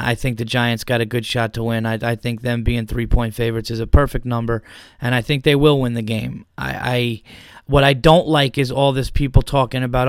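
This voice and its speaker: A man's voice: mid-range voice, a bit bright, clear, resonant tone, no room sound, studio quality. A man hosting a podcast, ranting about football in a heated, profane way and repeating his points. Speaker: podcast host. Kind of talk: opinionated sports rant.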